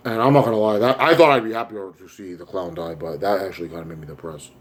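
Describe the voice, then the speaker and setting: A man giving an excitable, rambling plot recap as a movie reviewer, full of fillers. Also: low-pitched, quick pace.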